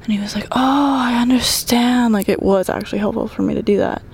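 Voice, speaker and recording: A woman's voice: medium pitch, little pitch movement, very fast, gravelly, warm tone, breathy edge. A young woman telling a story in casual chat, profane, often dropping into whispered asides while doing squats.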